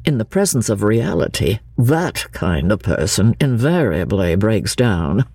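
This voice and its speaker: A reader voicing a pompous male chaplain who lectures slowly and solemnly. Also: mid-range voice, sing-song, darkish tone, slightly rough, no room sound, pitched below the performer's own voice, full character voice. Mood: scornful. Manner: slow, lecturing delivery.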